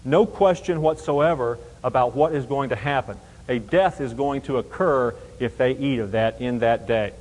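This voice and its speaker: A man giving a Bible teaching sermon at a mid-range pitch, reading verses and then unpacking them with emphatic rhetorical questions. His voice carries a long reverb tail, as if he were recorded in a large hall. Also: normal speed, few pauses, a little mellow.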